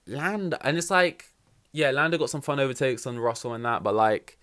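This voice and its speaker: Excitable young man podcast host. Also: mid-range voice, a little fast. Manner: excitable, rambling, swears freely. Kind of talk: casual race reaction commentary.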